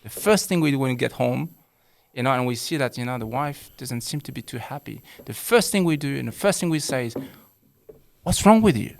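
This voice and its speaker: A man's voice: mid-range voice, fairly quick, gravelly. A man who is a psychologist, talking as a podcast guest and explaining earnestly with rhetorical questions. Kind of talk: casual conversation.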